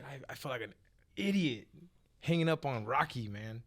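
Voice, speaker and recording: A man telling a story as a guest in a casual chat, animated and profane, acting out what others said. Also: medium pitch, normal speed.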